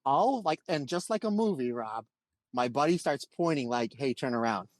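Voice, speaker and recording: A man from Pennsylvania co-hosts a podcast, telling a story with lively, acted-out quotes. His voice sits slightly high and comes through a dry, close mic. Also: moderate pace, no room sound. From Pennsylvania, USA. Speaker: podcast co-host. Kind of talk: casual storytelling chat.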